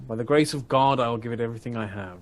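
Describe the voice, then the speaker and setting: A man's voice: medium pitch, a little hiss or hum, close to an everyday voice. A man playing a formal, dutiful priest. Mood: reassuring. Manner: measured, formal and gentle.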